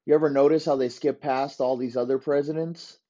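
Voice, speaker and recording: A man's voice: mid-range voice, fairly even intonation, a little fast, mellow, dull audio. A man hosting a podcast, ranting profanely in a rambling comic monologue. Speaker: podcast host. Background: dogs barking.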